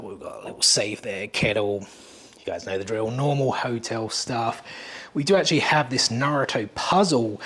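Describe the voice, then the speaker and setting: A young man talks through a hotel room on a handheld camera, casual and chatty. He sounds excited and a little out of breath as he points things out. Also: mid-range voice. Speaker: vlog host. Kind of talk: casual room-tour vlog.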